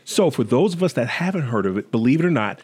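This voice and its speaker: A man hosting a casual podcast chat, telling stories in an animated way and joking around. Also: medium pitch, fast talker, slightly rough. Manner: animated storyteller, jokes with put-on accents. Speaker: podcast host.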